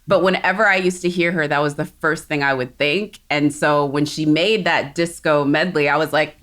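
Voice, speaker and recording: Low-voiced woman host from South Texas. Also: fairly even intonation, moderate pace, fairly bright tone. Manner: enthusiastic, opinionated, laughs often. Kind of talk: casual chat.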